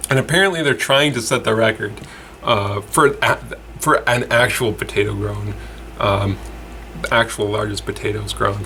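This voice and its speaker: A man's voice: on the low side, creaky, sharp tone. Guy hosting a goofy news show, lots of ums and restarts, slight noise behind him. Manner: chatty and rambling, with many fillers and restarts. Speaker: host. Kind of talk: casual weird-news commentary.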